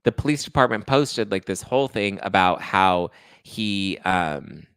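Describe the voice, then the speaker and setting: A man's voice: low voice, lively intonation, unhurried, fairly bright tone, smooth, dry recording. A man hosting a pop culture show, in casual gossip commentary that is chatty, full of fillers and sarcastic asides. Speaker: pop culture podcast host.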